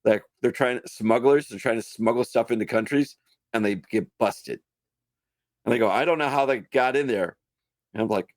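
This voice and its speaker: A man with a mid-range voice tells stories in a relaxed way on a casual podcast, acting out what others said. The sound is dry and close. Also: mid-range voice, moderate pace, dry recording. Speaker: podcast co-host. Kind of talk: casual storytelling chat.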